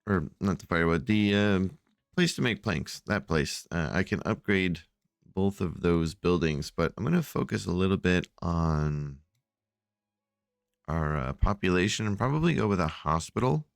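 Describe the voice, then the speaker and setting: A man's voice: deep voice, lively intonation, normal speed, vocal fry, no room sound, clean studio sound. A sleepy man casually narrating his strategy game, rambling with many fillers and yawns, at a desk microphone at home. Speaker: gameplay channel host.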